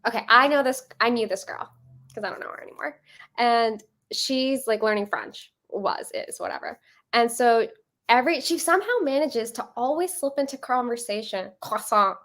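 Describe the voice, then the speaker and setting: A woman's voice: a little high, normal speed, fairly bright tone. A young American woman in casual chat, chatty and self-deprecating.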